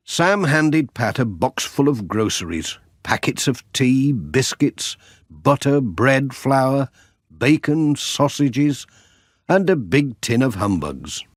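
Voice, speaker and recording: A man's voice: mid-range voice, no echo, studio quality. A man reading a children's storybook aloud as an audiobook. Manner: slow, expressive reading. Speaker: audiobook reader.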